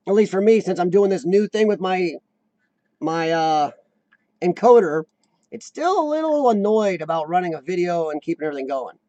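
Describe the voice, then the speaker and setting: A man's voice: sits high, lively intonation, moderate pace, warm tone, no echo. Chatty American man hosting a stream. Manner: chatty, rambling, reads chat aloud. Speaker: live stream host. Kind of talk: casual live chat.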